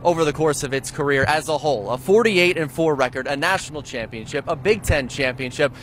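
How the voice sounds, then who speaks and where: A man's voice: fairly high pitch, a little fast, fairly bright tone, a little hiss or hum. Upbeat male sports reporter. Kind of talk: broadcast news reporting.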